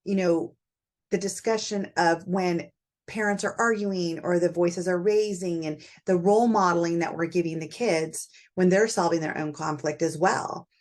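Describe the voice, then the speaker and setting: A middle-aged woman hosts her own podcast, thinking aloud about parenting in a warm, conversational solo talk full of fillers. Her voice is lowish, her intonation fairly even, and she speaks at a normal speed.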